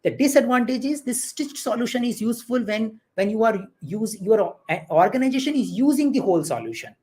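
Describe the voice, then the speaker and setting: A man answering audience questions as the expert on a live online Q&A, halting with many repeated words and fillers. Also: extremely high pitch, expressive, a little mellow. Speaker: certification expert.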